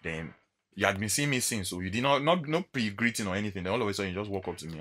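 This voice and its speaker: A man with a Nigerian accent vlogs in a casual monologue, telling stories animatedly and acting out the encounters as he goes. His voice is on the low side and his delivery is rapid-fire.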